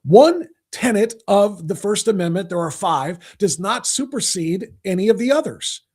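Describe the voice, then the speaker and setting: A man's voice: sits high, sing-song, normal speed, darkish tone, breathy edge. A male talk show host delivering an angry, sarcastic political rant.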